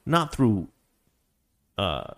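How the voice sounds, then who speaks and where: A man's voice: on the low side, wildly swooping pitch, very slow, a bit bright. A man hosting a home livestream, reading viewer messages and giving opinionated commentary that rambles and restarts often. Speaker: live stream host.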